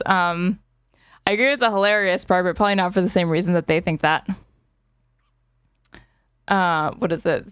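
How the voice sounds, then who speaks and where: A woman's voice: lowish voice, normal speed, long pauses, fairly bright tone, no room sound, studio quality. A young woman streaming casual commentary, sarcastic and often laughing.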